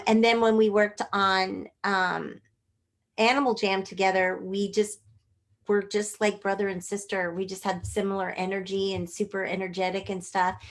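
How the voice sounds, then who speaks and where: Bubbly, expressive woman telling stories. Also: mid-range voice. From Northern California. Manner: bubbly and expressive, acts out voices in quoted dialogue. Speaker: guest puppeteer. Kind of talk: animated interview storytelling.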